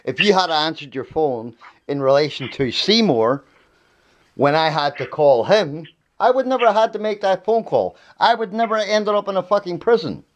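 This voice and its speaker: A man's voice: a little high, expressive, normal speed, lo-fi sound. A man angrily confronting his advocate, swearing and hammering the same accusing questions. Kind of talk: heated confrontation.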